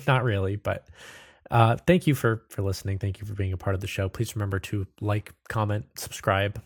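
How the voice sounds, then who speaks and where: A man's voice: mid-range voice, darkish tone, no room sound, studio quality. A man chatting upbeat and casually as host of a tabletop game podcast. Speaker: player and show host. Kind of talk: casual chat.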